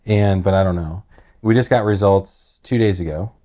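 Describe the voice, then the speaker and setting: A middle-aged man with a fairly low voice tells a personal story. He rambles earnestly, restarting sentences and leaning on filler words as he goes. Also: moderate pace, mellow. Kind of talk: casual emotional storytelling.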